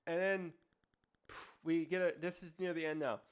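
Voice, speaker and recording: A man's voice: a little high, flat delivery, normal speed, clean tone. A man casually reviewing a comic chapter, rambling with many restarts and fillers. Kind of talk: casual commentary.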